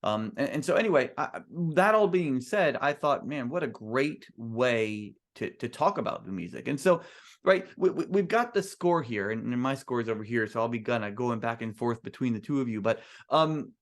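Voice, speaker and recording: A man's voice: mid-range voice, expressive, normal speed. A man who is a composer, giving an earnest, emphatic talk to musicians at a band clinic and restarting his sentences often.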